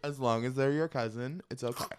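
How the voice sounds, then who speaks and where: A man hosting a casual podcast chat, campy and animated, telling stories with lots of laughter while eating. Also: medium pitch, a little fast, smooth. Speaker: podcast host. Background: eating while talking.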